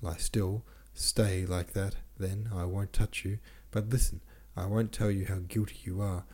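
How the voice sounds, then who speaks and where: A man voicing a stern, scolding older woman with a rough voice in an audiobook. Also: low voice, little pitch movement, a little slow, darkish tone.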